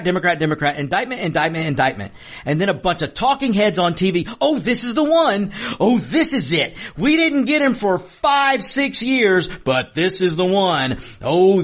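A middle-aged man holds forth in a political commentary monologue, speaking directly to his audience. His pitch sits a little high and swings widely as he presses his points. He often stumbles, restarts and repeats phrases for emphasis. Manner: animated, emphatic, repeats himself and restarts, addresses viewers directly.

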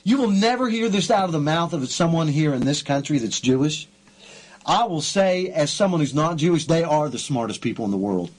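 A husky man hosts a faith-based talk show with a slightly raised pitch. He speaks fervently and excitably and circles back over his own words. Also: a little fast. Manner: fervent, excitable, repeats himself. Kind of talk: emotional radio interview.

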